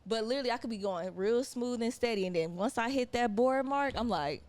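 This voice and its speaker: A woman's voice: on the high side, brisk, darkish tone, dry recording. A young adult woman co-hosting a podcast, talking bluntly and emphatically in casual slang. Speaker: podcast co-host. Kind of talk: casual chat.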